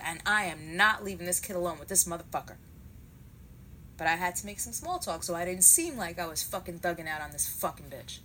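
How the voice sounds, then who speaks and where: A woman telling a comic story in a profane, animated way, acting out each part. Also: fairly low pitch, slight background noise, poor audio.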